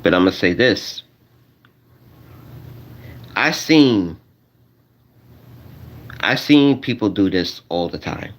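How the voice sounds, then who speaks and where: An animated man speaks slowly and pauses often in a stand-up rant before an audience. He's repetitive and exasperated, his voice jumping high each time indignation takes over.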